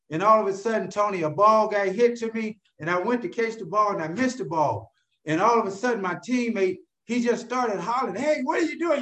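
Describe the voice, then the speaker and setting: A man with a high voice for a man tells his story to a live audience. He is lively and keeps turning to the crowd with questions like "you know what?", and he calls out to people by name. His storytelling is direct and conversational. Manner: animated storyteller who keeps asking the crowd rhetorical questions; addresses listeners directly by name. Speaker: speaker sharing his recovery story.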